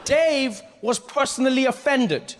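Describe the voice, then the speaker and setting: A man from South Africa performing a stand-up comedy set, animated and acting out other people's voices. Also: very high voice, unhurried. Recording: live hall reverb, faint audience noise.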